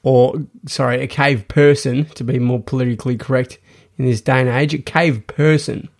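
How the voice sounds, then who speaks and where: A man's voice: medium pitch, fairly even intonation, normal speed, creaky, a little mellow. A man hosting a podcast in a casual, rambling monologue full of restarts and fillers. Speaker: podcast host.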